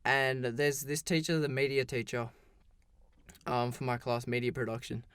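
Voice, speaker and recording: A man's voice: medium pitch, level tone, moderate pace, fairly bright tone, smooth, no room sound. A teenage boy telling a story in a casual, rambling storytime style, full of "like" and restarts. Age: teens. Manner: rambling, heavy use of "like", frequent restarts.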